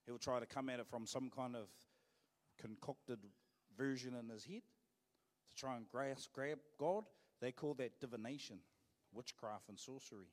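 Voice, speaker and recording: A man's voice: medium pitch, normal speed. A male pastor with a New Zealand accent delivers a sermon. He talks to the congregation in a loose, conversational way and hammers points home by repeating his phrases. His mid-range voice carries a long reverb from a church auditorium.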